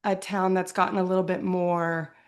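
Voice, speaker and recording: A woman's voice: on the low side, flat delivery, moderate pace. Earnest woman guest, tag questions. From Virginia. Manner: earnest, often ends with "right?". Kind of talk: reflective interview talk.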